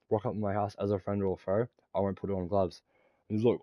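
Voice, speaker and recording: A man's voice: lowish voice, level tone, rapid-fire, dry recording, lo-fi sound. A young man with an Australian accent, ranting profanely and rambling while he plays a game. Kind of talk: casual rant while gaming.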